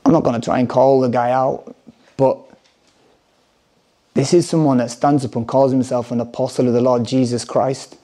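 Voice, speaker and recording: A man's voice: medium pitch, fairly even intonation, normal speed, long pauses, dark tone. Candid man giving a testimony talk. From England. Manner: candid, conversational, with bursts of emphatic scripture reading. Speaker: conference speaker.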